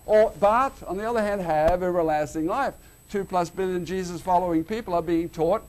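An Australian man preaching a sermon to a congregation, animated and theatrical, dropping to a hush and then rising loud. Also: high voice, moderate pace. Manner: animated, swings between loud and hushed.

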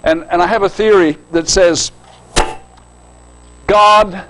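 An older man preaches with a folksy, joking touch, his voice sitting a little high for a man. He keeps asking his listeners to picture things and checks in with a quick question. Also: steady tone, fairly bright tone, slight background noise, low-quality recording. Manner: folksy, joking, often asks "right?". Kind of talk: sermon.

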